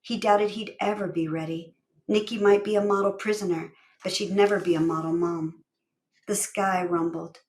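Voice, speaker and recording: A woman's voice: mid-range voice, moderate pace. Woman author reading aloud. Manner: expressive storytelling. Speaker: author reading her own book. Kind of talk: audiobook-style narration.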